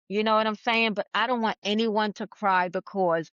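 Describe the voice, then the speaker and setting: This woman, a speaker and author guesting on a podcast, has a medium-pitched, fairly bright voice with a steady tone and normal speed. She earnestly reads an affirming letter to her younger self, then chats openly. The dry recording has dull lo-fi audio.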